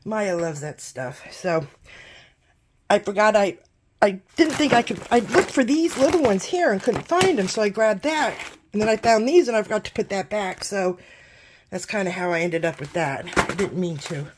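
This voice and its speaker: A woman's voice: mid-range voice, expressive, normal speed, background noise. Chatty older woman rambling through a haul. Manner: chatty, rambling, self-deprecating. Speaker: vlogger. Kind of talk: casual grocery haul chat.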